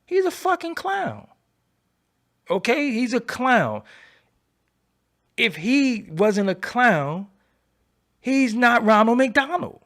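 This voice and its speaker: Profane animated man ranting on a livestream. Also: takes it slowly, long pauses. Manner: profane, animated preaching with repeated phrases; swoops between low mutter and loud high bursts. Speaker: livestream host. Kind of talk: unscripted livestream rant.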